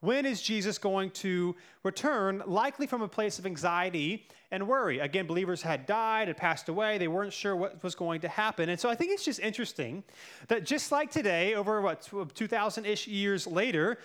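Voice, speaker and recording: Chatty high-voiced man teaching scripture. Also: animated, normal speed, fairly bright tone. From United States. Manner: conversational, many fillers and "like", thinking aloud. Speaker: pastor. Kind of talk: casual sermon teaching.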